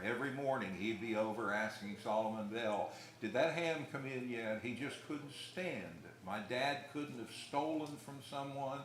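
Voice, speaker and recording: A middle-aged man preaching a sermon in a church, telling folksy stories with pauses and restarts. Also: mid-range voice, fairly bright tone. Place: church hall. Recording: echoey room with faint noise.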